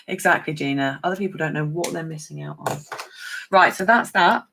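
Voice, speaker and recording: Woman, low gravelly voice, chatty live craft stream, greets viewers by name. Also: normal speed, fairly bright tone, a little hiss or hum. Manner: chatty, talks to viewers by name while working. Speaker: papercraft demonstrator.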